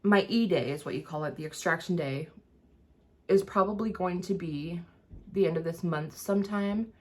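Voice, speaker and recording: A woman vlogger chats casually while getting ready, rambling with lots of fillers and restarts and struggling a little to enunciate her words. Her voice is lowish and she talks at a normal speed.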